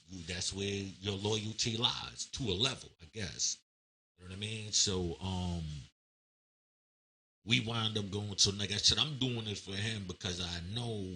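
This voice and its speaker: Brief: man, low voice with a very bright edge, animated storyteller who acts out quotes. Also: slight background noise. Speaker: storyteller recounting prison stories. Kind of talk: casual storytelling.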